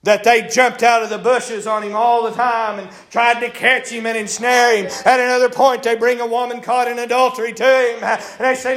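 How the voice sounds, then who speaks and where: High-voiced preacher telling stories. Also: male voice, level tone, normal speed, few pauses. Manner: folksy, acts out voices in stories, builds to shouting. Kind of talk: sermon with storytelling.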